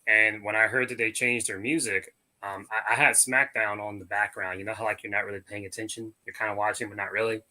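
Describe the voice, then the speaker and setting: A man's voice: on the low side, level tone, fairly quick, pushed and bright, rough recording. A man co-hosting a casual podcast, rambling with many fillers and false starts. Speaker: podcast co-host. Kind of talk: casual chat.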